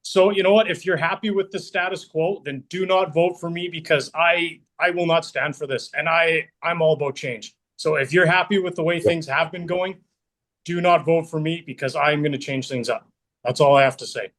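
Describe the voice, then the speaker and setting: A man who is an election candidate, giving a forceful, plain-spoken closing statement over a video call. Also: on the high side, fairly even intonation, moderate pace.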